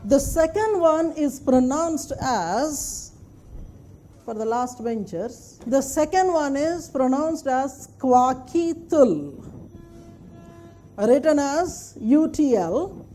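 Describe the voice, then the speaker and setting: Casting: female lecturer, high mellow voice, emphatic classroom delivery. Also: expressive, takes it slowly, a little hiss or hum. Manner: emphatic, repeats points and checks the class follows. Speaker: anthropology lecturer.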